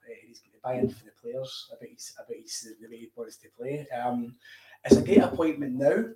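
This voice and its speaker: A Scottish man chats casually about football, stumbling over and repeating words as his thoughts run ahead. His voice is mid-pitched and carries a noticeable roomy echo. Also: a little fast, warm tone. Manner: chatty, repeats words, laughs easily.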